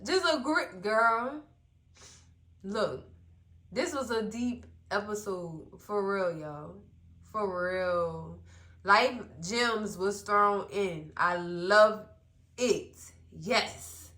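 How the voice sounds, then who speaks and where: A woman chatting casually to her viewers as she recaps a TV episode, expressive and talkative. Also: mid-range voice, takes it slowly, roomy sound. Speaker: TV recap vlogger.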